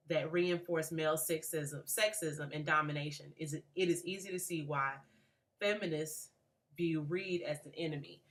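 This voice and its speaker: Low-pitched young woman, grad student, reflective and halting, many fillers. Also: a bit bright. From Atlanta. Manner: thoughtful, many fillers and restarts. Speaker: graduate student. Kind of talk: reflective book response.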